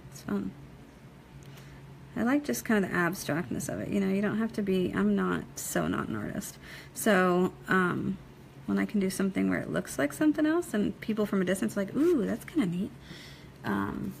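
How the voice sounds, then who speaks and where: A woman's voice: mid-range voice, normal speed, creaky, a little hiss or hum, poor audio. Chatty woman teaching a nail demo. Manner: chatty, laughs easily, reads viewer comments aloud; folksy, checks in with "okay?". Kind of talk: casual live tutorial.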